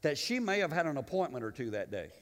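A man preaching with fervor, his fairly high voice rising into loud declarations, then dropping into quiet asides. His sermon rings with the long reverb of a church sanctuary. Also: big pitch swings, fast. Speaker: pastor.

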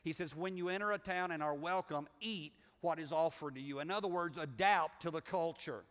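A middle-aged man with a Southern US accent delivers a folksy, conversational sermon, circling back and restarting his phrases as he goes. His voice sits on the higher side for a man. The sound carries a long reverb tail from a church sanctuary. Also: a little fast, fairly bright tone. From Southern United States. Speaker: pastor.

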